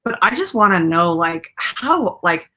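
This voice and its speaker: A young woman hosting a casual movie watchalong who swears freely, laughs often and reacts loudly to the film. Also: fairly low pitch, big pitch swings, a little slow.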